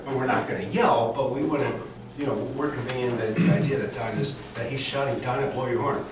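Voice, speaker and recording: A man's voice: mid-range voice, a little fast. A man coaching a chorus rehearsal, often singing phrases to show how they should go. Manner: sings phrases to demonstrate, many restarts. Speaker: vocal coach. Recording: echoey room, mic far off, background noise.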